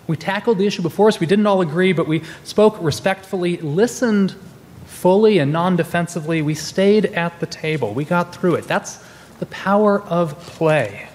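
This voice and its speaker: A man's voice: high voice, moderate pace, darkish tone. A man in his forties preaching a sermon as a minister, telling stories in a conversational way with restarts. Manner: conversational storytelling with many restarts. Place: church sanctuary. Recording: long reverb in a large hall.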